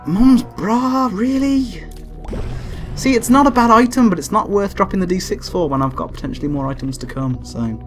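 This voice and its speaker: A young man giving let's play commentary, excitable, swearing and yelping at the game when frustrated. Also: high voice, fast talker, hardly any pauses, faint music behind. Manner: swears and laughs often. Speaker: gameplay commentator.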